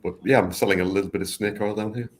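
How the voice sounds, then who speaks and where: A man's voice: on the low side, steady tone, quick pace. A man co-hosting a podcast, easygoing and chatty, often repeating his first words. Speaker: podcast co-host. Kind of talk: casual chat.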